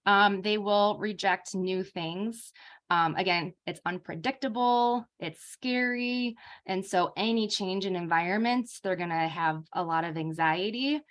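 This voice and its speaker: A woman's voice: medium pitch, measured pace, fairly bright tone. A young adult woman giving an informal lecture as a speech therapist, talking casually with many fillers.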